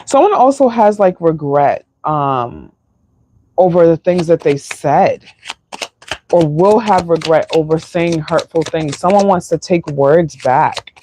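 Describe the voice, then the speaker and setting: Slow, emotional woman reading tarot. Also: sits low, lively intonation, dark tone, a little hiss or hum. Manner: slow, emotional, sighing, filler-heavy. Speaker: tarot reader. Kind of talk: live-stream tarot reading.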